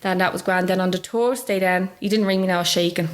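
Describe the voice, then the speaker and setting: Animated Dublin woman telling her story. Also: quick pace. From Ireland. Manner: animated, acts out voices with big pitch jumps, laughs nervously. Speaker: guest. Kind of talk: candid personal storytelling.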